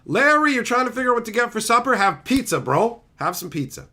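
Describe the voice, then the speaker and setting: A male streamer talking to his live chat in a loose, joking, foul-mouthed way. His pitch swoops and jumps around a lot. His tone is bright and forceful. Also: big pitch swings, fast talker. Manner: profane, joking banter with chat; reads viewer messages aloud. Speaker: streamer opening card packs.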